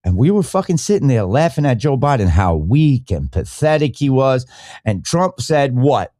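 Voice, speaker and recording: A man's voice: mid-range voice, sing-song, moderate pace, warm tone, no room sound, studio quality. Fired-up, profane middle-aged man ranting. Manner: profane, rambling, fired-up and opinionated. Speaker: podcast host. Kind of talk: casual live-stream rant.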